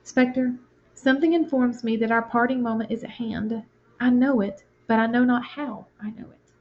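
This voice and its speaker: A desperate old miser pleading with a spirit for mercy, read aloud by a woman in a fairly high voice. The lines come urgent and fervent. The sound is a bit dull and lo-fi. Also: fairly even intonation, moderate pace, close to an everyday voice. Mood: solemn. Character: old miserly man begging a ghost.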